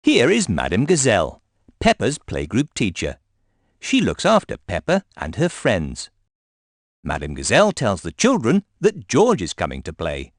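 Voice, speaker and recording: A man gently reading a children's storybook aloud in a sing-song, scripted narration. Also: fairly low pitch, huge pitch swings, moderate pace, no echo, studio quality.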